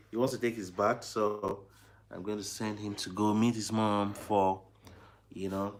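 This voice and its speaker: A man, a new father chatting casually to his viewers and cooing softly to his baby at home. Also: on the low side, fairly even intonation, moderate pace. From Nigeria. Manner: soft and coaxing, cooing to a baby between chat. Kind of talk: casual live vlog.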